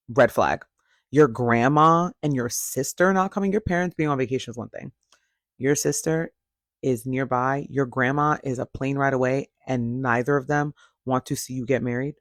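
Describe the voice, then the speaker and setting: A man's voice: mid-range voice, normal speed, no echo, clean studio sound. A man giving a blunt, sassy and profane casual recap of a reality TV show.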